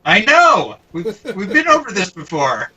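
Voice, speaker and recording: A man co-hosting a casual podcast, reading out a listener's email with halting restarts and frequent laughs. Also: high-pitched, huge pitch swings, pushed and bright, slightly rough, distant mic, rough recording. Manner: halting, laughs often, stumbles over words.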